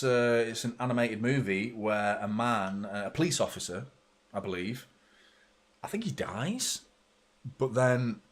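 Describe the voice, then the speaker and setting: A man in his thirties from the UK, hosting a live football watchalong in a slightly low voice. He talks bluntly and swears freely, jumping up in excitement when a chance comes. Between chances he chats plainly to his viewers. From United Kingdom. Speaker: host of a fan watchalong. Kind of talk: live match reaction and chat.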